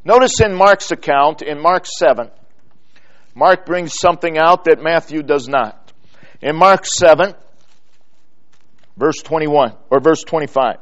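A man preaching a sermon, slow and deliberate, stressing single words and letting his phrase ends fall low. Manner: quotes scripture in old-fashioned phrasing. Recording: dull lo-fi recording.

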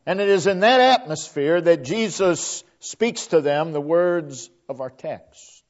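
A man preaching at a slow, unhurried pace, his voice swelling on key phrases and sinking to a near-hush as each line closes. His voice sits fairly high for a man. The recording is dull and lo-fi. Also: lively intonation. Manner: dynamic preaching, swelling emphasis then dropping to hushed line endings. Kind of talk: sermon.

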